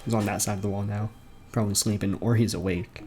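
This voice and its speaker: A young man rambling excitedly about video games in a casual home vlog, laughing often and swearing casually. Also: fairly low pitch, quick pace, faint music behind. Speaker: gaming vlogger. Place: bedroom at home.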